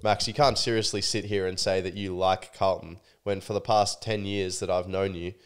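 A man's voice: sits low, steady tone, normal speed, clean tone. A young man co-hosting a sports podcast, arguing boldly and laughing easily. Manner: bold, combative, laughs easily. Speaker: podcast co-host. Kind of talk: casual banter.

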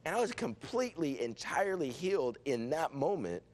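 A middle-aged man, a pastor, telling a lively healing testimony as an interview guest, with frequent restarts and acted-out quotes. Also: on the high side, a little fast. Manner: excitable, restarts often, acts out quoted voices. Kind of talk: animated storytelling testimony.

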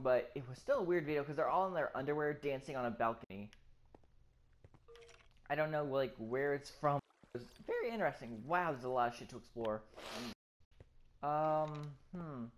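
A let's play gamer giving live gameplay commentary, excitable and swearing constantly while exploring. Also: medium pitch, normal speed, a little hiss or hum.

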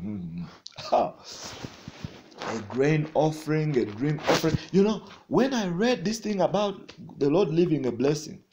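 Guy preaching, goes from shouting declarations to quiet asides, kinda high voice. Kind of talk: sermon.

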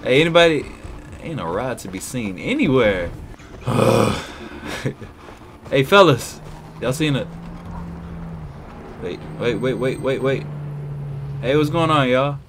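A young man commentating his game playthrough, excitable and yelling at the game. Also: medium pitch, slow, pauses often, noisy background. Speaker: gamer. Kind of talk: let's play commentary. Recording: game music behind.

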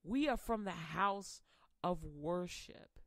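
A woman radio preacher giving an impassioned sermon, swinging between loud emphasis and quiet asides. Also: fairly low pitch, lively intonation, slow pace, dry recording, studio quality.

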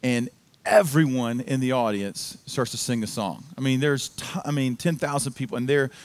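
A male pastor delivering a sermon in a church. He talks in a relaxed, chatty way, telling stories like he would to friends. His voice sits at an ordinary middle pitch for a man. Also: normal speed, no echo. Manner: casual, conversational storytelling. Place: church sanctuary.

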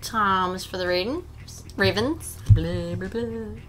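A woman hosting a live trading card break, reading out each pull in a steady rundown and gasping and squealing over the good ones. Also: medium pitch, takes it slowly. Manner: reads out names in a steady rundown. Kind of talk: live stream commentary.

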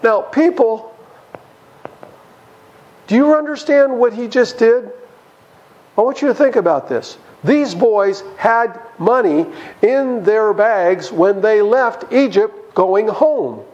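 A man's voice: high voice, slow pace, lo-fi sound. A man teaching a church Bible study, talking straight to his listeners and acting out the people in the story. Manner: animated, addresses listeners directly, acts out biblical characters.

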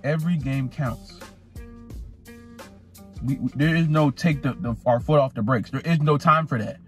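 A man vlogging as a sports fan in a casual rant, animated, repeating and stumbling over his words. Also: medium pitch, normal speed, soft background music. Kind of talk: casual ranting vlog.

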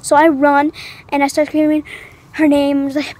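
A young woman at home, telling a personal story for her vlog in an animated, dramatic way with gasps and acted-out lines. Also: sits high, brisk. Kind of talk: casual storytime. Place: at home, indoors.

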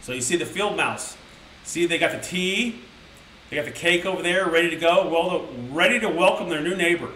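Man reading a kids' book to a stream chat, rambling and crude, bright voice, roomy echo. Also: fairly high pitch, moderate pace, a little hiss or hum. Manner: rambling, crude, mock-outraged asides. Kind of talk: reading a children's book with profane commentary to a live chat. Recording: roomy sound from a distant mic.

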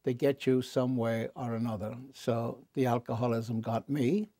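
A man in a candid interview, a wry and animated storyteller who jumps up in pitch for punchlines and drops low and quiet on serious confessions. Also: normal speed, dry recording, studio quality. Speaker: interview guest.

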